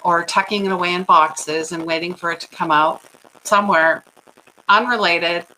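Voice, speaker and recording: A middle-aged woman hosting a casual talk to her viewers, chatty and animated, laughing often and checking in with "right?". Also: lowish voice, normal speed, slight background noise, low-quality recording. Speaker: host of a livestream on personal growth.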